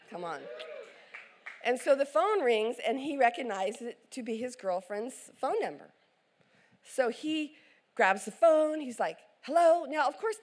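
A middle-aged woman preacher, telling a story in a sermon and acting out the voices of the people in it. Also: on the high side.

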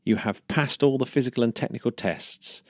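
A man's voice: medium pitch, moderate pace, a little mellow, dry recording, studio quality. A man co-hosting a casual news chat, chatty, laughing often and restarting sentences. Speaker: podcast co-host.

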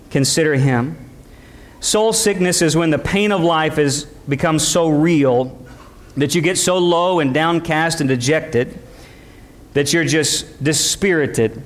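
High-voiced man preaching a sermon. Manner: preaching, acts out quoted voices, calls for audience response. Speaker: pastor.

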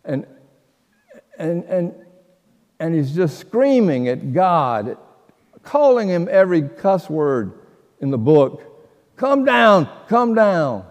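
A man preaching a sermon, telling stories slowly and dramatically, dropping to a hush and then breaking into loud outbursts. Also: on the high side, sing-song, long reverb tail, lo-fi sound. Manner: slow, dramatic storytelling with sudden loud outbursts and hushed passages. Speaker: pastor.

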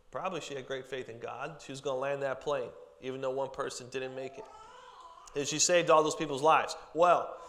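A man's voice: fairly high pitch, fairly bright tone. A man preaching a casual, joking sermon to a group, with chatty asides. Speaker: pastor. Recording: long hall reverb.

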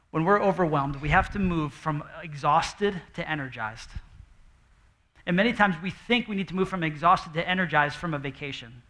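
A young man preaching a sermon from a church stage in an animated, conversational way. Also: on the high side. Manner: animated and conversational, acting out quoted voices. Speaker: pastor. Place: church stage before a congregation.

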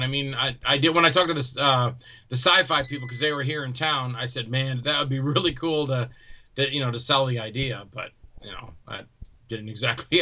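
A man being interviewed as a guest, an indie actor and filmmaker, telling stories in a rambling, animated way with many restarts. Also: mid-range voice. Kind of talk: casual interview chat.

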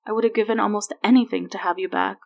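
A woman reading as a soft-spoken, hesitant woman. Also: mid-range voice, steady tone, fast, lightly acted. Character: gentle grown woman, quietly tearful.

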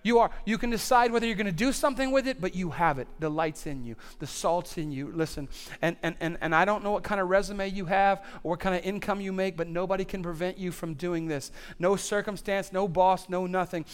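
A man preaching a sermon as pastor, building his points through repetition until he is nearly shouting. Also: high-pitched, brisk, hardly any pauses, clear, resonant tone. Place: church auditorium on stage.

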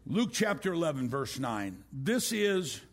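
An older man preaching a sermon as a pastor, swinging from loud exclamations down to a hushed voice. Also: fairly high pitch, very animated, a little slow. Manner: rising to loud exclamations, then dropping to a hush.

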